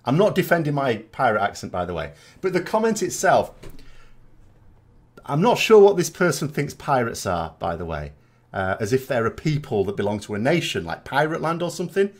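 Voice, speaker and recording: A man's voice: medium pitch, big pitch swings, normal speed. A British man chatting casually as a gaming vlogger, reading out viewer comments and answering them with rambling asides and tag questions.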